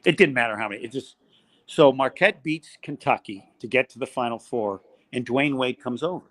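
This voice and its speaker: An older man, a college basketball play-by-play announcer, telling animated stories as a podcast guest. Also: medium pitch, brisk. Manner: animated storyteller, acts out quoted voices. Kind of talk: storytelling in a podcast interview.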